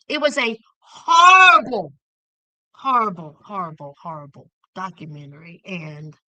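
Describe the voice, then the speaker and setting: A woman hosting a casual commentary show, talking in an animated, emphatic way with sudden outraged outbursts. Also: high-pitched, no echo, low-quality recording.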